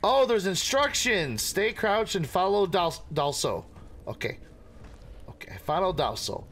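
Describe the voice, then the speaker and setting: An excitable man gaming streamer does let's play commentary in a high, slightly slow voice. When something startles him, he tends to yelp, apologize and swear.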